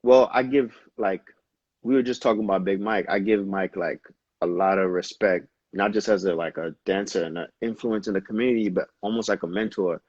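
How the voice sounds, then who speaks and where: A young man from Brooklyn, a dancer, talking casually in an interview and telling animated, slangy stories in quick bursts. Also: sits low, slightly rough, no echo, highs cut off. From Brooklyn, New York. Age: young adult. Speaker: dancer, guest.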